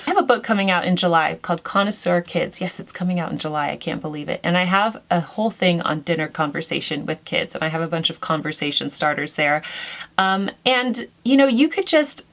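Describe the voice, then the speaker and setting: Relaxed woman, thirties, slightly low voice, friendly, chatty question-and-answer host, light laughs. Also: a little fast, gravelly. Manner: gentle, chatty, frequent soft laughs and fillers. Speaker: lifestyle vlogger answering viewer questions. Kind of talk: casual chat.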